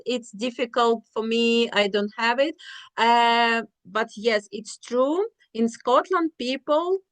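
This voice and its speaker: A woman's voice: on the high side, fairly bright tone. A woman from Ukraine with a Ukrainian accent, an English teacher chatting as an interview guest, addressing listeners as guys. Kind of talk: casual interview chat.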